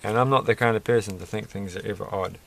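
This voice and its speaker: A man's voice: lowish voice, quick pace, creaky, slight background noise. A man chatting casually while building a Lego set, rambling and musing with a self-deprecating manner.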